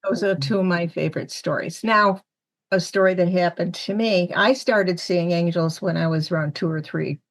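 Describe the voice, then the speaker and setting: Woman storyteller from upstate New York, lively with the quoted voices. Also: lowish voice, moderate pace. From Syracuse, New York area. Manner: animated storyteller acting out quoted lines. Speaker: medium, panel guest. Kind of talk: storytelling on a panel podcast.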